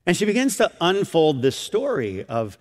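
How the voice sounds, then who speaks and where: A man's voice: on the high side, normal speed, in a large hall. A man preaching, telling a story to a crowd and acting out the quotes. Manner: animated, acts out quotes. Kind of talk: sermon storytelling.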